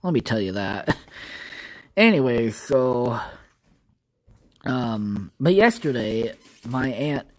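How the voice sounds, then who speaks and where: A man's voice: medium pitch, big pitch swings, takes it slowly, long pauses, darkish tone, poor audio. Rambling young man, swearing nonstop. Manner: rambling, swears constantly, many filler words. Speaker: podcast host. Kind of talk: casual solo podcast monologue.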